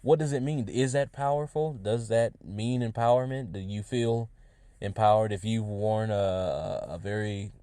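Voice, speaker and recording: A man's voice: fairly low pitch, mellow, clean tone, no room sound. A podcast host, a man, giving his own views in casual solo talk, often restarting his phrases as he thinks them through. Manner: halting, restarts phrases often, musing aloud.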